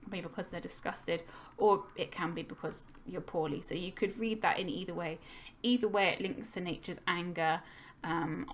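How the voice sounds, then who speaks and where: A young woman English teacher works through a poem in a recorded poetry-analysis lesson, patient and explanatory, thinking aloud with an occasional filler. Her voice is medium-pitched, and there's a little hiss or hum on the recording.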